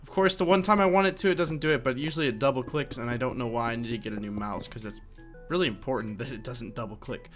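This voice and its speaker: Young man, casual tutorial voice-over, rambling, self-correcting, mid pitch, faint music behind. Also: fast. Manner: rambling, chatty, with frequent fillers and self-corrections. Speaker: Minecraft tutorial creator.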